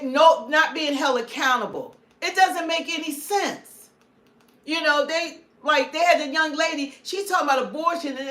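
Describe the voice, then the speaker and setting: A woman hosts a political commentary livestream in a high-pitched, fairly bright voice. She talks emphatically and preachily, repeating her points again and again.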